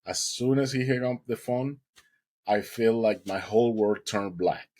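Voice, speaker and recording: Earnest man with a low voice telling his story. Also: a little slow, a little mellow, no echo. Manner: speaks English with non-native grammar. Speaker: guest. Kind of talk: personal storytelling in an interview.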